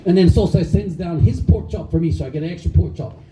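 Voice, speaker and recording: A middle-aged man with a very dark, mellow voice tells lively stories to a crowd. He laughs often and acts out the people in his stories. The sound is echoey and a little distant from the mic, with faint noise behind him. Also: sits high, fast talker, soft background music. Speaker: karate instructor telling stories at a camp. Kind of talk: storytelling to a live audience. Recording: echoey room, voice far from mic.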